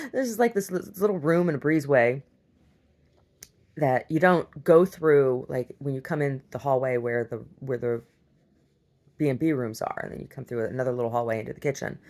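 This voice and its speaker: Low-voiced woman with a gravelly edge. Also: moderate pace, darkish tone. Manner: laughs often, acts out quoted voices, many restarts. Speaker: video diary vlogger. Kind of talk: rambling casual storytelling.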